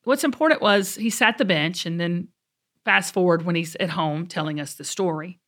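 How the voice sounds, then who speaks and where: A middle-aged woman, telling an animated story on a podcast. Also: fairly low pitch, normal speed. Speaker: podcast co-host.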